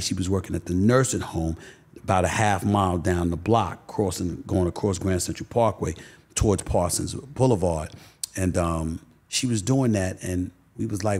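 A man's voice: deep voice, moderate pace, a little mellow, husky. A middle-aged man, a podcast guest telling candid personal stories emphatically and repeating phrases for stress. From Queens, New York.

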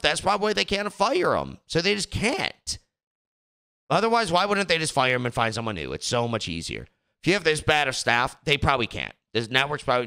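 A man hosting a casual commentary chat, ranting with exasperation and tripping over repeated words. His voice is higher than usual for a man and clear, with a bright, sharp edge. His pitch leaps around animatedly as he works himself up.

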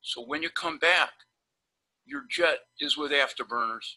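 A man with a very bright, somewhat high voice rambles through anecdotes in an animated, blunt way. He talks casually over a video call, like a dentist chatting shop with colleagues. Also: measured pace, low-quality recording. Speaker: periodontist guest. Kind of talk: casual storytelling on a webinar.

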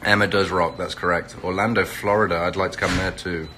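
With a low voice that sounds pushed and bright, a middle-aged Englishman talks fairly quickly in a flat delivery, over a little hiss or hum. He's a reality TV personality chatting casually on a phone live stream, greeting viewers by location and promoting an event.

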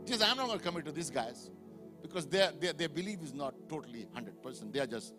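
A male pastor preaching a sermon to a live congregation, building from quiet reflection to loud, fervent exhortation. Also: fairly high pitch, lively intonation, fast talker, over music. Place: church sanctuary with live congregation.

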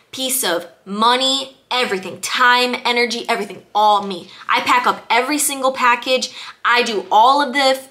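A young woman with a bright, clear voice delivers a ranting motivational monologue straight to camera. She is blunt and emphatic, swears freely and drives each point home by repeating it. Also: a little high. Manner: blunt, emphatic, heavy swearing, preachy repetition. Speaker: vlogger.

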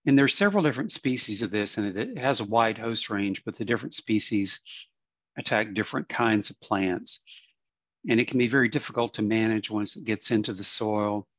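A man presenting on plant diseases in a webinar, explaining in a halting way with many fillers and some throat clearing. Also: on the low side, a bit bright, no room sound.

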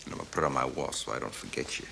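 Brash sardonic American cop, low voice, noisy old TV sound. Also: male voice, expressive, rapid-fire, vocal fry, heavily acted. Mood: needling. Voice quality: sardonic, blunt. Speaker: police detective. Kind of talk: 1980s TV crime drama acting.

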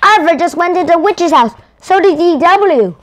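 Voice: very high-pitched, animated, moderate pace, voice pushed up. A woman reading the lines of a boastful schoolboy, taunting his friends, from a picture book. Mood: teasing.

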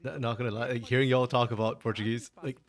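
A man's voice: mid-range voice, fairly even intonation, fast talker. A man co-casting an esports stream in a laid-back, wry casual chat. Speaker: esports co-caster.

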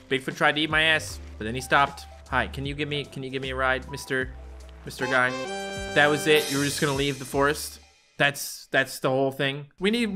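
A young man giving jokey let's play commentary on a video game, now and then leaping into squeaky put-on voices. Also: sharp tone. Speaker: gaming YouTuber.

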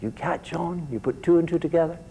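A man gives a university lecture in a mellow, dark voice. He often stumbles and repeats a word before going on, and he keeps turning to the students with questions. A faint hiss sits under the recording. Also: fairly high pitch, fairly quick, gravelly, low-quality recording. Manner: repeats words as he restarts and quizzes the class.

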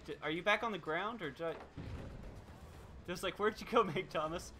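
A man's voice: high-pitched, moderate pace, bright, forceful tone, slight background noise. A man streaming a video game, giving playful, chatty commentary and laughing often.

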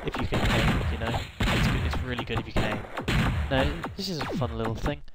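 A man's voice: mid-range voice, fairly quick, over loud music, low-quality recording. A young man giving rambling, joking commentary while playing a game, with random outbursts and hummed tunes. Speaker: gaming YouTuber. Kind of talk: casual gameplay commentary.

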